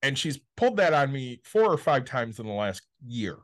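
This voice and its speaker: A man's voice: mid-range voice, big pitch swings, moderate pace. A man with a Michigan accent, co-hosting a podcast in casual chat, blunt and frustrated, with heavy swearing. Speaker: podcast co-host.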